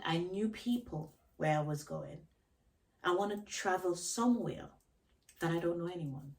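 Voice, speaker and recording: A woman's voice: mid-range voice, creaky, recorded from a distance, low-quality recording. Emphatic woman asking rhetorical questions. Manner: emphatic, rhetorical questions, repeats key phrases. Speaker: self-help vlogger. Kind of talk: reflective solo talk to camera.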